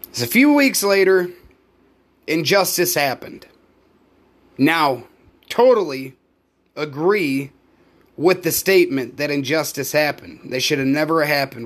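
A man's voice: fairly high pitch, a bit bright. Heated, profane man ranting. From United States. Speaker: podcast host; live performer. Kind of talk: angry solo rant.

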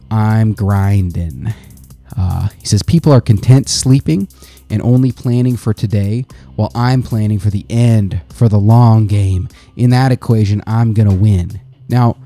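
Podcast guy, young, real dark mellow tone, cusses a lot, faint music behind. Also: lowish voice. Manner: profane, animated reading and riffing on quotes. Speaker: podcast host. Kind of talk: casual podcast commentary.

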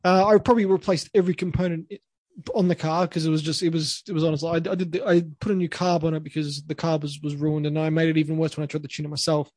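A man's voice: on the high side, steady tone, quick pace, darkish tone, no echo. A young Australian man, a podcast co-host, telling a rambling story full of restarts and laughs. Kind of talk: casual storytelling.

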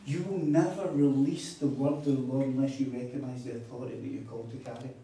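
A man's voice: medium pitch, fairly even intonation, quick pace, dark tone. A man preaching a sermon, telling stories with emphatic repeats. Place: hall at a retreat. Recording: echoey hall, mic far off.

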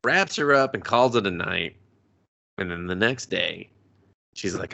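A man's voice: deep voice, lively intonation, measured pace, vocal fry, pauses often, bright, forceful tone, muffled recording. A man hosting a podcast, recapping an anime in sarcastic, profane casual chat. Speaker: podcast host.

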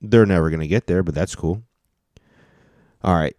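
A man's voice: deep voice, expressive, a little slow, long pauses, dark tone, dry recording, clean studio sound. A man hosting a casual solo podcast, reading news headlines aloud and adding sarcastic commentary. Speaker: podcast host.

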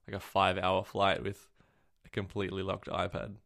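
A low, gravelly man's voice co-hosting a casual tech chat. He wanders through his stories, stopping to correct himself mid-sentence. The fry in his voice stays steady throughout. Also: moderate pace. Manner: rambling, self-correcting storyteller. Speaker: podcast co-host.

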